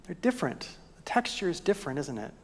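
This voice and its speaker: A pastor delivers a sermon in a gentle, thoughtful manner, often ending his points with quiet rhetorical questions. His voice sits a little high for a man. The sound rings with the long reverb of a church sanctuary. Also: very animated, quick pace.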